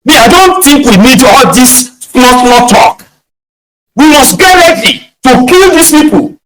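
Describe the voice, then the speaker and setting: A man putting on a loud, reckless young agitator. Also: very high-pitched, lively intonation, a little slow, echoey room, recorded from a distance, pitched above the performer's own voice, heavily acted, poor audio. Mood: agitated. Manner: shouting threats, brash.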